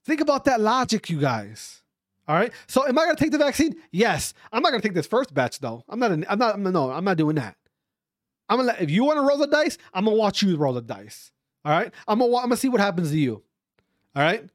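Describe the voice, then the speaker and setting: Man, casual rant, profane, emphatic repetition, sarcastic mimicry, animated intonation, dry recording. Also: high voice, fast, dry recording. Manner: emphatic, profane, repeats his points; sarcastic, mimics others' voices mid-rant. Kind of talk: casual ranting monologue.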